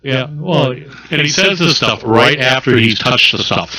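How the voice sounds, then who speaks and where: A man's voice: medium pitch, lively intonation, unhurried, pushed and bright. Man talking in an echoey room. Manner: profane, explains at length. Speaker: podcast co-host. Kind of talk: casual chat.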